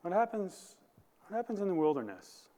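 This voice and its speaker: In a church sanctuary, a male pastor preaches with a high-pitched, very animated, brisk and mellow voice, followed by a long reverb tail. He builds to emphatic bursts and asks the congregation questions.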